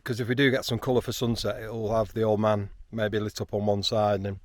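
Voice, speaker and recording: Excitable man hiking. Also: lowish voice, brisk, no echo. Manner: chatty and excitable, with frequent ums. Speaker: landscape photographer. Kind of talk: casual vlog narration while hiking. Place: outdoors on a hilltop.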